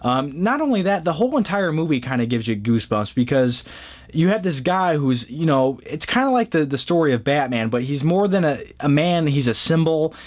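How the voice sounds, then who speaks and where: A man's voice: fairly high pitch, sing-song, fairly quick. Chatty joking man ranking movies. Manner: chatty and joking, many fillers. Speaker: movie review vlogger. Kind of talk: casual top-ten countdown.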